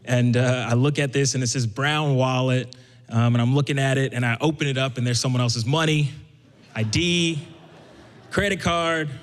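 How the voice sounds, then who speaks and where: In an echoey hall, a young Brooklyn man shares a personal story live, speaking at a moderate pace with medium pitch. His delivery is conversational, and he brings the people he quotes to life.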